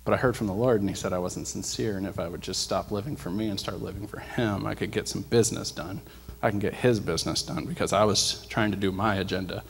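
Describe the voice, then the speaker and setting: A man giving a sermon testimony at church, telling his story with excitement and acting out the dialogue. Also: fairly low pitch, quick pace, gravelly. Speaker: guest speaker sharing a testimony. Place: church sanctuary. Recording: long church hall reverb.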